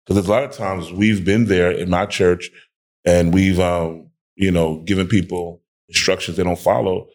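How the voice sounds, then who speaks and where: This low-pitched man talks at normal speed as a pastor guesting on a relaxed panel discussion. He tells stories with animation, performing the quoted lines himself.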